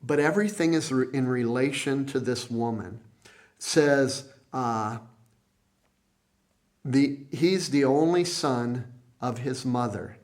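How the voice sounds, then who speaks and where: A man, a minister, preaching a sermon in a slow, halting way with many restarts, dropping his voice soft when he quotes. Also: medium pitch.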